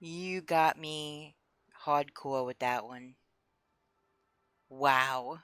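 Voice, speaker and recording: A young woman streaming a game, chatting casually with her viewers in an expressive, excitable way on a close desk mic. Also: sits low, very slow, dry recording. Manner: expressive, chatty, gets excited and laughs a lot. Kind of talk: casual live-stream chat.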